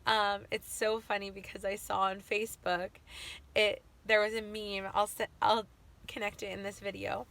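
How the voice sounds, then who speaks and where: A woman's voice: medium pitch, little pitch movement, a little fast, a bit bright. A young woman chatting to camera in an upbeat, rambling way as a vlogger, losing her voice. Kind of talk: casual chat to camera.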